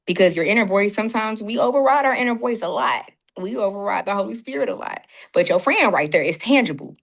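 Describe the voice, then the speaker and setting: A woman's voice: mid-range voice, expressive, fast, vocal fry. A woman guest in a casual faith conversation, talking animatedly and acting out her own inner dialogue. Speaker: podcast guest.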